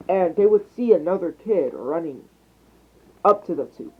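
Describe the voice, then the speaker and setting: A man's voice: fairly high pitch, animated, moderate pace, breathy edge. Rambling young man telling a fan story. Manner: rambling, hesitant, with restarts. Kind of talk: improvised fan-fiction narration. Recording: tinny phone mic.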